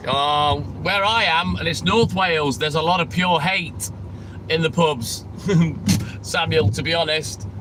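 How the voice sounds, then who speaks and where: A chatty English man talks to his live-stream viewers in a casual, matey way, sitting slightly high in pitch. He is outdoors on a milk round. Heavy street and vehicle noise sits under his voice. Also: slow. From England. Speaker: livestreaming milkman. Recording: loud outdoor background noise.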